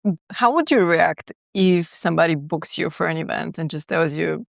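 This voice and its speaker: A woman's voice: fairly low pitch, moderate pace, gravelly, no echo, clean studio sound. A woman hosting a podcast, asking interview questions and laughing often as she listens. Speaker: podcast host.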